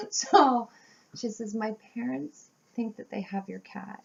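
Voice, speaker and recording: A woman vlogger telling a storytime tale in a casual, animated way, acting out the voices of people she quotes. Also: mid-range voice, measured pace, vocal fry, muffled recording. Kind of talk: storytime vlog.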